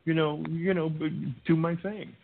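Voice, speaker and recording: A man's voice: a little high, a little slow, gravelly, a little hiss or hum. An older man, a podcast guest, telling wild stories from his youth in a casual interview, stammering through restarts and acting out the people he quotes. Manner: animated storyteller, acts out quotes with shouting, stammering restarts. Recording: tinny phone-like line.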